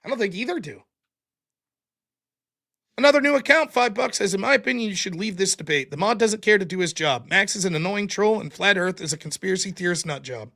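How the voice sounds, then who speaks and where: A man's voice: sits high, brisk, vocal fry, sharp tone. A man hosting a livestream, reading out donor names and amounts and answering them with dry quips. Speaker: streamer host reading donations. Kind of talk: casual livestream chat.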